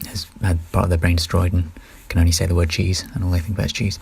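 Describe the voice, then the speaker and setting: A man's voice: low-pitched, little pitch movement, fast talker, creaky, darkish tone, slight background noise. A man talking through his ideas in a casual, rambling solo monologue, often correcting himself mid-sentence. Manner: rambling, self-correcting, offhand. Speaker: solo vlogger.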